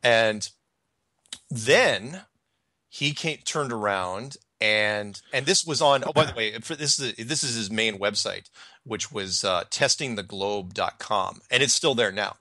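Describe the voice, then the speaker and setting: Rambling male podcast host, bright voice. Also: lowish voice, dry recording, clean studio sound. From Washington state, United States. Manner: rambling, halting, many restarts. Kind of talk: casual podcast chat.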